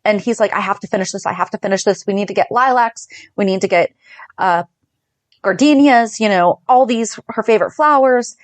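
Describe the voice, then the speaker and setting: A woman in her thirties, a podcast co-host chatting about a soap opera, telling the story fast and acting out the lines. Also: mid-range voice, dry recording. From Northeastern US. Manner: chatty storyteller, acting out quotes, laughing often. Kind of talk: casual chat recapping a soap opera.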